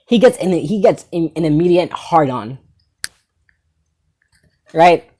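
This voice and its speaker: A young man telling a crude comedy story in an animated, sarcastic way, full of rhetorical asides. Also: fairly high pitch, takes it slowly, pauses often.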